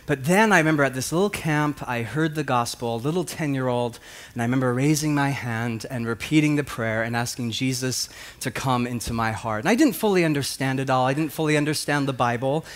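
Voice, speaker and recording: A man's voice: medium pitch, a little fast. A male pastor preaching a sermon, telling a personal story and acting out the voices of the people in it.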